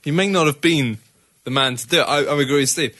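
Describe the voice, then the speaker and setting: A man's voice: fairly high pitch, fast, pushed and bright. A man co-hosting a comedy podcast, teasing and sarcastic in casual banter. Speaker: podcast co-host.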